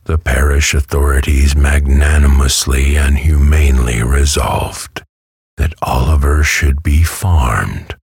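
Very deep, calm man reading a bedtime story. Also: creaky, breathy edge, no echo, clean studio sound. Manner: calm, soothing, slow. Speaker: audiobook narrator. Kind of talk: soothing bedtime story narration.

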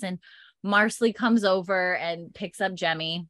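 A woman co-hosting a casual podcast, retelling events with lively shifts into character voices. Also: lowish voice, dry recording, clean studio sound. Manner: animated retelling, acts out characters in quick voices. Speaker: podcast co-host recapping a TV episode. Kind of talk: casual chat.

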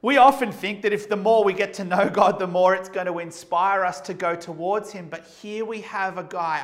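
High-voiced preacher, quiet to emphatic. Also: male voice, steady tone, moderate pace, few pauses. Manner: swings from quiet and reflective to loud, emphatic preaching. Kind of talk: sermon.

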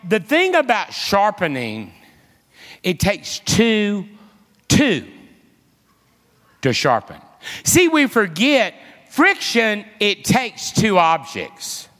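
Male preacher, bright tone, slow deliberate delivery, long hall reverb, animated storyteller. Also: high-pitched. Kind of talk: sermon with personal storytelling.

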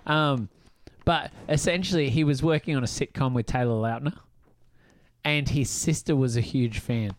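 Man, podcast host, casual chat, animated storyteller, middle-aged. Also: normal speed, dry recording. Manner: animated storyteller, jumps into high voices for quoted people.

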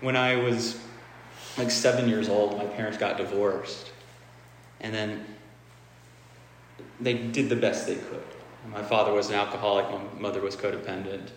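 Candid man with a lowish voice, casual teaching talk, swears freely; recorded in a reverberant hall with faint room noise. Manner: candid, swears freely, repeats phrases for emphasis. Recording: echoey hall with faint ambience.

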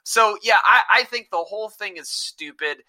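Man hosting a sports podcast, bright and forceful, sarcastic, profane. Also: high-pitched, normal speed. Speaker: podcast host. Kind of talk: casual sports podcast chat.

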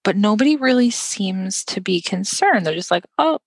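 A young woman co-hosting a casual chat about a film, talking in a chatty, animated way with lots of fillers and laughter. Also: mid-range voice, moderate pace, slightly rough, no echo. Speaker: podcast co-host.

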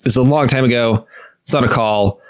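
A man's voice: medium pitch, brisk. A man in his thirties co-hosting a casual podcast, venting with exasperated sarcasm and bursts of laughter. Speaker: podcast co-host. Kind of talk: casual chat.

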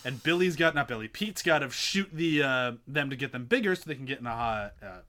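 A man co-hosting a podcast in casual chat, animated, swearing and acting out quotes. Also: medium pitch, a little fast. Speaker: podcast co-host.

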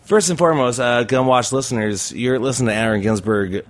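A man's voice: mid-range voice, fairly quick. Regular-voiced guy, debate coach, rambles with lots of uh and you know. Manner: rambling with many fillers. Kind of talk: casual radio talk.

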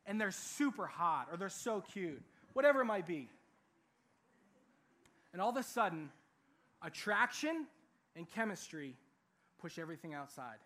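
High, bright-voiced animated young preacher man. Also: moderate pace. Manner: animated, acts out quoted voices. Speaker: youth pastor. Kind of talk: sermon.

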